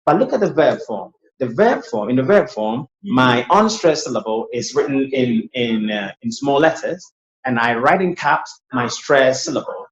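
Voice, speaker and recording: A man's voice: medium pitch, animated, normal speed. A man tutoring English pronunciation in an online lesson. He explains patiently and often repeats his words. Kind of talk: online lesson with screen sharing. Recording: roomy, dull lo-fi sound.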